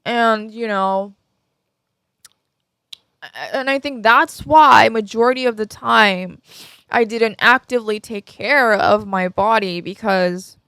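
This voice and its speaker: A woman's voice: fairly high pitch, slow, a bit bright, smooth, no echo, studio quality. A woman in her twenties hosting a podcast, talking candidly and emotionally about her own life in a rambling way with many fillers. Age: 20s. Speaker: podcast host. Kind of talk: candid personal chat.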